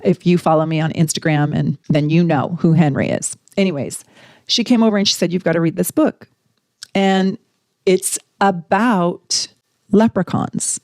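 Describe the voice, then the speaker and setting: A woman astrologer talking casually to camera, animated and chatty as she tells stories. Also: lowish voice, moderate pace, dry recording, clean studio sound.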